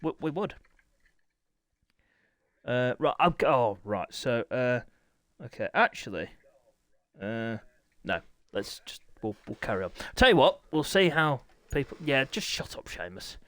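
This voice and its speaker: A middle-aged man, hosting and commentating a motorbike racing game live, excitable and quick to break into shouts and laughter. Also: mid-range voice, no echo. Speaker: gaming channel host and race commentator.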